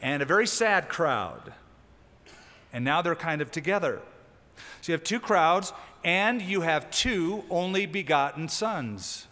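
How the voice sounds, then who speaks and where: A male pastor delivers a sermon in a church sanctuary, with a voice that sits a little high for a man. He teaches conversationally, stressing key words and lifting his energy for emphasis, and the sound carries a long hall reverb. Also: animated, unhurried, pushed and bright.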